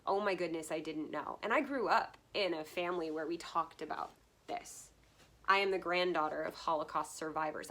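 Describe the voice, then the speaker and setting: Woman, lower voice, casual book review vlog, earnest, heartfelt, laughs between thoughts. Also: sharp tone.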